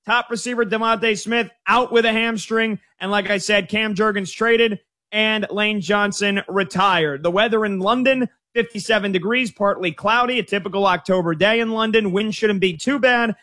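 A man's voice: high voice, fairly even intonation, moderate pace, bright, forceful tone. A man hosting a sports radio show, taking calls and previewing games in an upbeat, casual way. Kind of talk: energetic sports radio talk.

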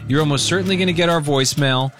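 A man hosting a radio talk show, teasing his co-hosts in quick casual banter from the studio. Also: fairly high pitch, a bit bright, soft background music.

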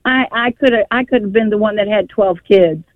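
A woman's voice: medium pitch, a little fast, no echo. An older woman calling in to a radio show, telling a long story in a rambling, emotional way with many restarts, heard over the phone. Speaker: caller. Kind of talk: call-in radio conversation. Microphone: telephone. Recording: tinny phone line.

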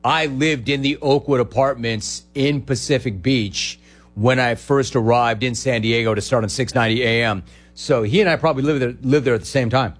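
Guy hosting call-in radio, brash, riffing fast, repeats stuff for laughs. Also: mid-range voice. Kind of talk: sports talk radio call-in.

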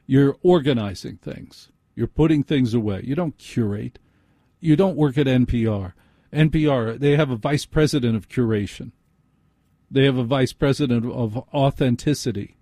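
Male talk host, sarcastic ranter, mellow husky tone. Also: mid-range voice, normal speed, no echo, clean studio sound. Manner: sarcastic, ranting, scoffing. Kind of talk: opinionated talk radio monologue.

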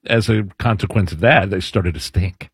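A man's voice: lowish voice, moderate pace, breathy edge, no echo. Middle-aged male host, blunt and exclamatory, dry studio sound. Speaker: radio show host. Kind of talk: casual talk radio banter.

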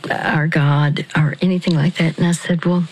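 A woman speaking on a radio ministry show, talking slowly and deliberately, repeating phrases for emphasis. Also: low-pitched, fairly even intonation, a little mellow, low-quality recording. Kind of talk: radio talk with a caller.

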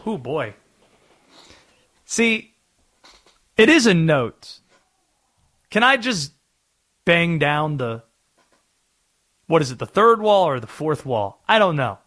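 A man's voice: on the high side, very animated, takes it slowly, long pauses, fairly bright tone. A man from North Carolina hosting a sports talk radio show, talking in a chatty, explaining way.

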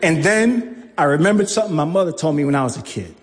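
A man's voice: high voice, very animated, quick pace, hardly any pauses, a little hiss or hum. A man telling a personal story live on stage, acting out voices and laughing often. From New York. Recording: long hall reverb, faint crowd ambience.

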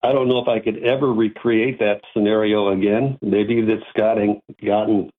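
Husky man telling an animated story. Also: fairly low pitch, normal speed. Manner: animated, folksy, rambling asides. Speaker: antiques dealer and auctioneer. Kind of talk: casual storytelling. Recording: tinny phone-like audio.

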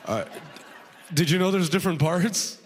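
A stand-up comedian from Alberta, Canada performs his set on a comedy festival stage before a live audience, his high, animated voice moving at normal speed through hall reverb. He keeps it conversational, often throwing in "right?" asides and doing drawled impressions.

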